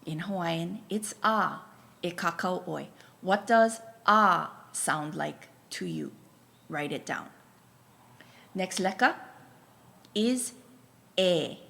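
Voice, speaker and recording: In a slow, deliberate lesson on Hawaiian pronunciation, a woman spells every letter with patience and asks learners to write it down. Her gravelly voice runs low but a bit bright, swinging widely in pitch, with slow delivery and long pauses.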